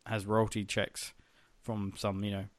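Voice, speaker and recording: A man's voice: fairly low pitch, completely flat delivery, measured pace, no room sound. A man co-hosting a podcast, recapping a TV episode in rambling casual chat, swearing freely. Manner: rambling and profane, with filler words. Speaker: podcast co-host.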